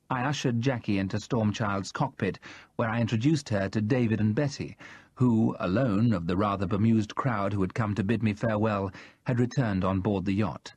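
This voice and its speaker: A man narrating a novel in the first person, in a measured and expressive manner. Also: lowish voice, husky, no echo. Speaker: audiobook narrator.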